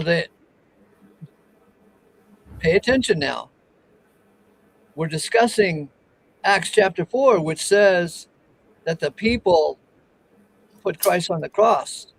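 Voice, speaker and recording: A man leading a casual Bible discussion, explaining scripture in an expressive, teasing way. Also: fairly high pitch, slow, gravelly, long pauses, low-quality recording. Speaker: Bible teacher.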